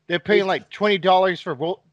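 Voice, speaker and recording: A man's voice: sits high, fairly quick, muffled recording. A man in casual group chat, wry and sardonic.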